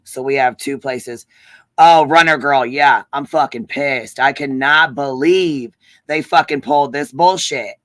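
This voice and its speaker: A man's voice: medium pitch, a little slow, a bit bright, no echo. A man ranting angrily on a livestream, cursing and repeating himself. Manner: heated, profane, repeats himself. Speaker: livestream host. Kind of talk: angry livestream rant.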